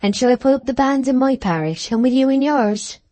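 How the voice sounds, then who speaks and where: A woman's voice: sits high, expressive, fairly quick, dark tone, dry recording, voice pushed up. A woman voicing a timid young woman in an audiobook, speaking in a tremulous, faltering, pleading way. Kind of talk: audiobook character reading.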